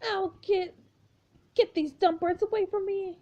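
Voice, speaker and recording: A woman's voice: high-pitched, normal speed, lo-fi sound, voice pushed up, natural voice. Woman doing frightened, defiant Lily.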